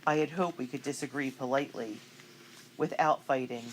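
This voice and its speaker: A woman voicing a steady, firm shopkeeper father. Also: extremely low pitch, moderate pace, slight background noise, rough recording. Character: grown male colonial shopkeeper, steady and firm.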